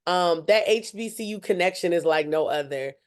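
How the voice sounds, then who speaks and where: A young woman, a student journalist, telling her story as a podcast guest in an animated way and acting out what others said. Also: fairly low pitch, moderate pace, clean tone. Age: young adult. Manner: animated, acts out other people's lines. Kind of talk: casual interview storytelling.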